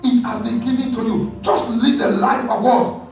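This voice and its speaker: A man's voice: extremely high pitch, fairly even intonation, moderate pace, a little mellow. A male pastor preaching a sermon in an emphatic call-and-response style. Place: church hall. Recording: echoey hall, distant mic, faint music.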